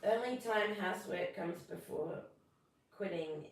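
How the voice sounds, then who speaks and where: A woman's voice: on the low side, a little slow, recorded from a distance. Aussie woman chatting on a live stream, a bit sick, corny jokes, echoey room, sits back from the mic. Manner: chatty, self-deprecating, tells corny jokes. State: a little sick. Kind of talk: casual live stream chat.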